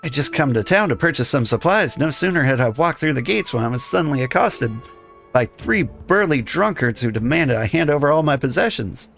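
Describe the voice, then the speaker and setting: A man voicing a timid young peasant milkmaid in a polite falsetto. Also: expressive, fairly quick, gravelly, fairly bright tone, soft background music.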